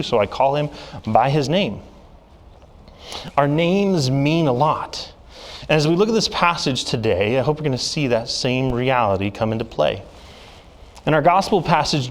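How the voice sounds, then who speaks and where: A young man gives a sermon in a church, telling personal stories in a relaxed, conversational way. His voice sits at an ordinary middle pitch, and he slips into animated voices when he quotes people. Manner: storytelling with lively acted quotes. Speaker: preacher.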